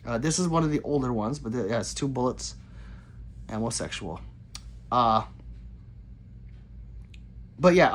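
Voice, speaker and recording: A man's voice: fairly high pitch, fairly bright tone. A man hosting a casual livestream, reading viewer chat aloud in a chatty, profane way. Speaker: livestream host.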